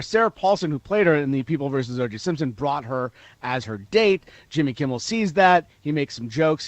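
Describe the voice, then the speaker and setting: Lively male entertainment correspondent. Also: a little high, dry recording. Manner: chatty, laughs while telling anecdotes. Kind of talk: phone-in radio interview.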